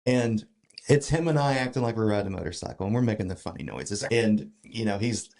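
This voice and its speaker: A podcast guest from Georgia in the US tells a long story in a casual chat, speaking a little fast in a lowish voice. His retelling is animated and heavy with fillers, with many restarts along the way.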